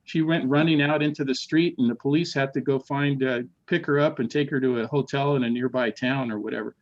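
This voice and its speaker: A man's voice: medium pitch, a little fast. Man telling ghost stories, slightly muffled. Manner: animated, repeats words, acts out quoted voices. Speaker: podcast guest. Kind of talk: casual storytelling.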